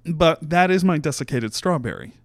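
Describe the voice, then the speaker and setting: A man's voice: on the high side, big pitch swings, moderate pace, no echo. Dry-voiced man joking dramatically. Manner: dramatic, mock-wounded. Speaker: podcast co-host. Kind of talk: casual banter.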